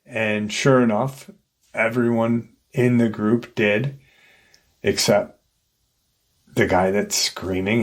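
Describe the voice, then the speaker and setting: A man hosting his channel tells a spooky encounter at a slow pace, his lowish voice holding a steady tone. The telling is casual and wandering, with quoted voices acted out.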